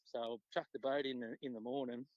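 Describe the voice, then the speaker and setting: A man with an Australian accent, a podcast guest telling fishing stories in a relaxed, swearing, casual way. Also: fast talker, no echo. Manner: laid-back, swears freely, acts out quotes with pitch jumps. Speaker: podcast guest, tournament angler. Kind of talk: casual storytelling chat. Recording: dull lo-fi dry sound.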